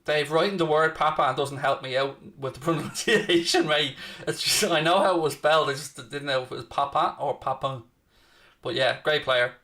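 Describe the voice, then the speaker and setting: Bright chatty male stream host. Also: a little high, brisk, few pauses. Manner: chatty, answers viewers by name. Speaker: watchalong host. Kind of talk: live stream commentary and chat.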